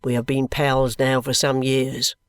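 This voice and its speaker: Idle young man, touchy, grumbling, slow, mid pitch, dry close recording, as a reader puts him on. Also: little pitch movement, fairly bright tone, clean tone, dry recording.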